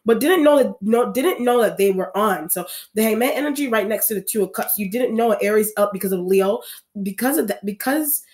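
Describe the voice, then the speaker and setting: A woman's voice: mid-range voice, a little fast, darkish tone. A woman reading tarot cards for an audience, talking in a rambling way with many restarts and repeated phrases. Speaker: tarot reader.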